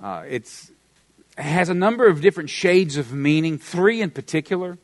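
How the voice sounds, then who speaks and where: A man's voice: lively intonation, normal speed, dry recording. Middle-aged Southern American male pastor, emphatic sermon delivery, dry close sound. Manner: emphatic preaching with wide swings in pitch and volume, Southern humor.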